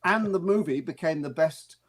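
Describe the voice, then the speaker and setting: A man's voice: a little high, moderate pace. A male actor and author, a guest in an interview, telling amused stories in a rambling way, with many restarts and repeated words. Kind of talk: casual anecdotal storytelling. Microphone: radio studio mic.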